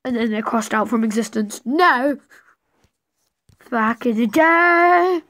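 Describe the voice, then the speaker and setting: A woman's voice: fairly high pitch, no echo. A woman telling a rambling, playful made-up story while drawing, with sudden dramatic outbursts.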